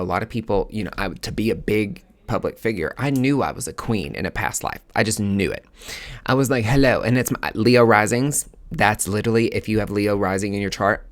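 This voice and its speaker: A man hosting a podcast, telling a personal story in a casual, animated way, acting out his own past reactions and swearing freely. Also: lowish voice. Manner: animated, dramatic retelling with swearing and quoted asides. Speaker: podcast host.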